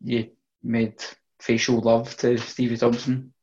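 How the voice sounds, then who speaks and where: Sweary Scottish lad on a lo-fi podcast. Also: male voice, mid-range voice, monotone, slow, a little mellow, a little hiss or hum. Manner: swears freely, storytelling with laughs. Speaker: podcast co-host. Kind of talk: casual chat.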